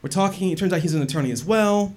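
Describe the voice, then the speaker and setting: Wry, animated male storyteller. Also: high-pitched, fast. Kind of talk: personal story told to an audience.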